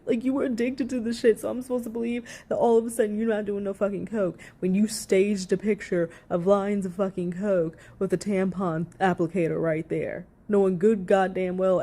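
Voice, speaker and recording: A woman's voice: medium pitch, mellow. A woman giving heated, profanity-laced reaction commentary, sarcastic and indignant as she rants to her viewers.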